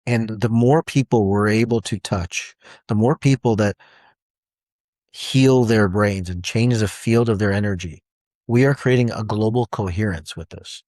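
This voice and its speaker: A man in his forties giving a rambling, animated motivational talk as a self-help speaker, with many restarts. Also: on the low side, a little slow, no room sound, clean studio sound. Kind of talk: motivational monologue.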